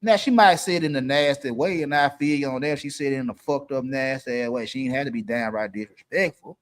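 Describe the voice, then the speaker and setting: A man's voice: mid-range voice, brisk. A middle-aged man, hosting a live stream and giving blunt dating advice, repeating his points for emphasis. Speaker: livestream host.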